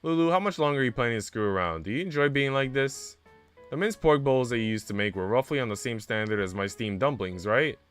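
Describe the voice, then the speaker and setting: Brief: man doing a heated, perfectionist young shopkeeper woman in a game, stern and lecturing, lively pitch. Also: fast, smooth, faint music behind, natural voice. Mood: scolding. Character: fussy perfectionist young woman dumpling-shop owner.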